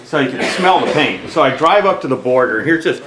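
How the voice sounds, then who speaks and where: A man's voice: mid-range voice, fast, background noise. An older man at a family birthday party tells a long story in a casual way and acts out the voices of the people in it. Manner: animated storyteller acting out quoted voices. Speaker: party guest telling a story. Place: home birthday party, indoors. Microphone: camcorder across the room. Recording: roomy home video, distant camera. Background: chatter of party guests.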